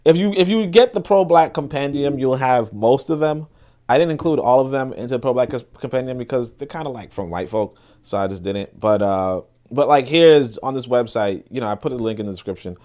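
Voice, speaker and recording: A man's voice: mid-range voice, a little fast, dark tone. A man hosting a podcast, talking casually and rambling with many restarts and fillers while he reads and explains passages. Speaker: podcast host. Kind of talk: casual commentary with reading aloud.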